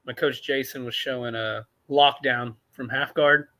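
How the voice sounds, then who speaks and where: A man's voice: mid-range voice, fairly even intonation, unhurried, sharp tone. A man from Arkansas, a podcast guest talking in a laid-back, casual way, full of "you know"s. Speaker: podcast guest, jiu-jitsu competitor. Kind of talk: casual conversation.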